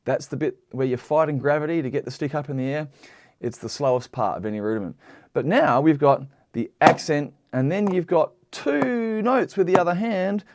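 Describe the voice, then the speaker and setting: A drum teacher gives a patient, explanatory lesson, counting out sticking patterns and frequently checking in with the listener. His voice is on the high side, and there's heavy background noise.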